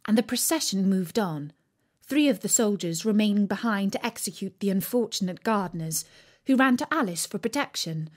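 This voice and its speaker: A woman reading a storybook aloud in a slow, expressive way for listening practice. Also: mid-range voice. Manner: expressive, acts out the characters.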